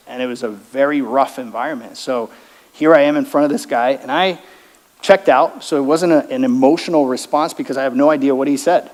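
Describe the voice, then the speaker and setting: A man sharing an earnest personal testimony to a church audience, acting out the dialogue of his story. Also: mid-range voice. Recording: long hall reverb.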